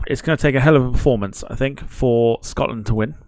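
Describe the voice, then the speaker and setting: A man's voice: mid-range voice, quick pace, a little mellow, dry recording, clean studio sound. A man hosting a live football watchalong stream, chatting casually, greeting viewers in the chat and laughing at himself as he rambles.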